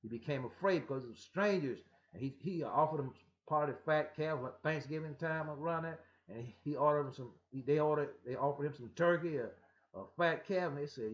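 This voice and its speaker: A man with a slightly high, brisk voice teaches from scripture, rambling and emphatic, often restarting and stammering. The recording is muffled and lo-fi.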